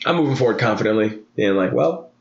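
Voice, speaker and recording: A man in his thirties talking candidly as a podcast guest, earnest and animated, his voice jumping high for emphasis. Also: fast, creaky, echoey room, dull audio.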